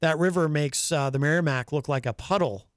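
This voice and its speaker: Hosting a live talk show, a man with a fairly high voice chats casually at a brisk clip, reading viewer comments aloud and rambling with lots of fillers and restarts. The studio-quality recording has no room sound.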